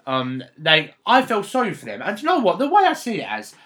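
A man talks casually, his voice bright and slightly high. He tells a personal story with halting restarts and open emotion, in a relaxed conversational manner. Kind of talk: casual chat.

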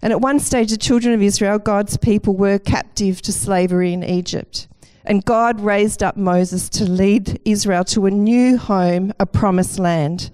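A woman's voice: mid-range voice, fairly even intonation, a little slow, few pauses, dark tone, clear, resonant tone. Enthusiastic woman preaching a sermon. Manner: enthusiastic, lightly self-deprecating.

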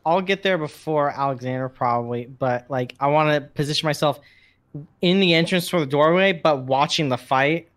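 A man playing a tabletop game, talking in a low-key, somewhat hesitant way. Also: normal speed, fairly bright tone. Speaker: player. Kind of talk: casual tabletop play.

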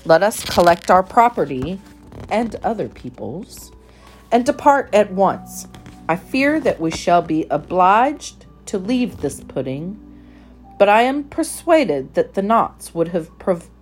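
A woman's voice: medium pitch, sing-song, takes it slowly, soft background music. A woman voicing a greedy, fussy old male rat who speaks in formal, long-winded phrases. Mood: pompous.

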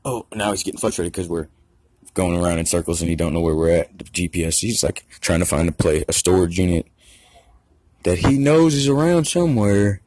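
A man's voice: low-pitched, lively intonation, a little fast, a little mellow, no echo. A man telling a rambling, profane story in a casual rant. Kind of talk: casual ranting anecdote.

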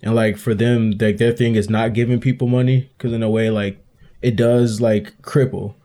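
A man's voice: medium pitch, flat delivery, moderate pace, dark tone. A man hosting a casual faith conversation, speaking earnestly and reflectively, building his points step by step.

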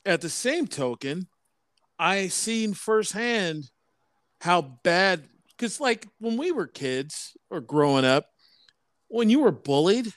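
A man in his thirties co-hosting a casual podcast, who talks in halting bursts and keeps repeating words and restarting his sentences. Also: sits high, very animated, fairly bright tone, dry recording. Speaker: podcast co-host.

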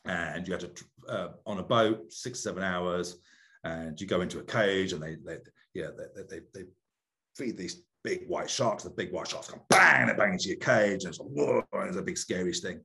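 Middle-aged male guest, fairly low voice, lively storyteller who laughs and stumbles over repeats. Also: moderate pace, gravelly. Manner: animated, laughs often, repeats words. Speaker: podcast guest. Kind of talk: casual storytelling.

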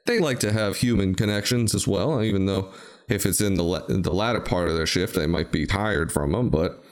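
Low-voiced man rambling jokey stories. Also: normal speed, smooth. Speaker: podcast host. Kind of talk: casual chat.

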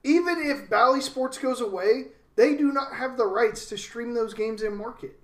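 A man with a bright, forward voice chats on a casual sports podcast. He tells stories at length and answers questions briefly and dryly. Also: very high-pitched, moderate pace, reverberant. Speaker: podcast co-host.

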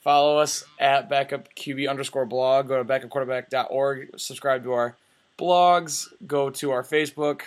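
A young man co-hosting a podcast in casual chat, excitable, swearing a lot and restarting his sentences. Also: mid-range voice, normal speed. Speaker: podcast co-host. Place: apartment room.

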